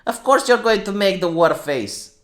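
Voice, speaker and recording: A man's voice: high voice, animated, moderate pace. A man with a Romanian accent giving opinionated, sarcastic livestream commentary, often restarting his sentences. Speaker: streamer.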